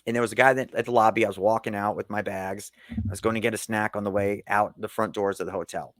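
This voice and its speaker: Middle-aged male coach, low voice, earnest motivational delivery, dry close sound. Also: steady tone, quick pace, fairly bright tone, dry recording. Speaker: leadership coach and keynote speaker. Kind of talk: podcast interview.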